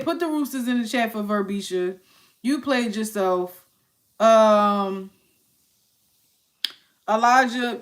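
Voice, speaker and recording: A young woman hosting a casual livestream, ranting to her chat in an exasperated way. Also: mid-range voice. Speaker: livestream host.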